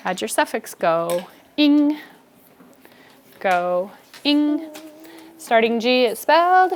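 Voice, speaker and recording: A woman teaching a first grade spelling lesson, giving brisk, encouraging instructions to her class. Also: on the high side, animated, a little hiss or hum.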